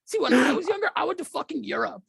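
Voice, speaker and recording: A man doing an impression of a brash, loud-mouthed male hustler pundit, ranting and cursing. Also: animated, quick pace, no room sound, clean studio sound, heavily acted. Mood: boastful. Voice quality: high creaky yelling delivery, cursing freely.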